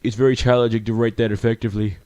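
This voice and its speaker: A man's voice: medium pitch, flat delivery, racing, dark tone, dry recording, lightly acted. A confident teenage girl who runs a club, put on by a man. She talks in an encouraging, chatty way, her voice lifted just a little. The sound is dry and close, like a game read-along.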